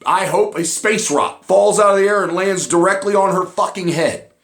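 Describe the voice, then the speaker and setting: Guy with a high voice going off on a profane angry rant, yelling sometimes, echoey room. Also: normal speed. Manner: angry, profane, erupts into shouting. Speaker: commentator. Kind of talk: ranting online commentary.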